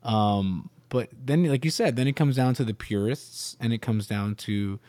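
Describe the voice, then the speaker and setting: Relaxed male podcast guest on a dry mic. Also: medium pitch, moderate pace, dry recording. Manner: storytelling, relaxed, drops into quoted voices. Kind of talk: casual panel chat.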